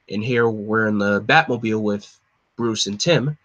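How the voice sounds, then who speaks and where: A man casually reading a comic aloud and narrating it with excited emotion. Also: fairly low pitch, normal speed, muffled recording. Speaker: comic reader. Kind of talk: casual comic live read.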